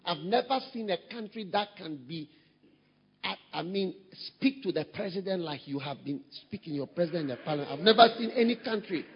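A pastor preaching a sermon, breaking into high shouted mimicry of people he describes. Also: lively intonation, fairly quick, slightly rough, in a large hall, lo-fi sound. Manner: acts out quoted voices, shouting high mimicry.

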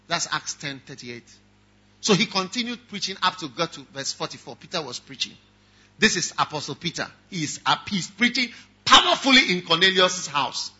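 A man preaching a sermon as pastor, moving from quiet talk to shouting, and mocking critics in whiny voices. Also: on the high side, husky. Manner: mocks objectors in whiny voices. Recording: dull lo-fi sound.

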